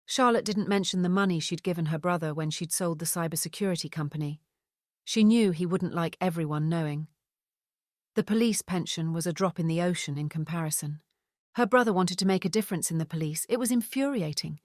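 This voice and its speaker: In a somewhat low, measured voice, a female audiobook narrator reads a book aloud as scripted narration. The sound is dry and close, with no room around it.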